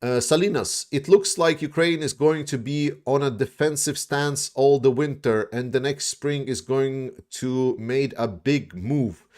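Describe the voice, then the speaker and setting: In an unhurried, darkish mid-range voice with hardly any pauses, a YouTube war commentator casually comments and answers questions from viewers. He's blunt and swears a bit, restarting often and filling gaps with fillers.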